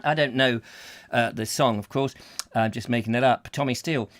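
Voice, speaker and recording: A man's voice: mid-range voice, animated, a little fast, a bit bright. A man hosting a casual show, rambling and reading out comments, often breaking into silly songs and voices. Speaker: host.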